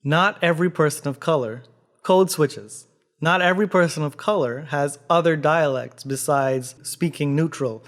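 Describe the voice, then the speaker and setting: A man from Canada, a theatre artist, talking casually to camera in a clear, measured, explanatory way. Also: a little high.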